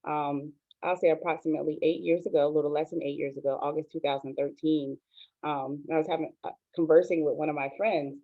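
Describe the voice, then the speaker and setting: A woman in her forties, a pastor, telling her own story in a soft, hesitant, earnest way, with many pauses and ums. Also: deep voice, fairly even intonation. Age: 40s. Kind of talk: personal testimony on an online show. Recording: tinny phone-like line, dry.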